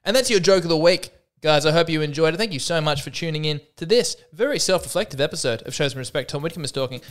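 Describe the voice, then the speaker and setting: A man's voice: fairly high pitch, expressive, fast talker, fairly bright tone. A man hosting his own podcast alone, talking casually with a self-deprecating, rambling manner and many fillers. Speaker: podcast host. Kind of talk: casual solo podcast monologue.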